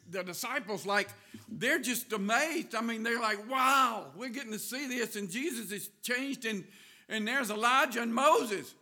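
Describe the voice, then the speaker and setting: A man's voice: high voice, sharp tone. A man with a Southern US accent preaching a sermon in a folksy storytelling way, laughing as he goes.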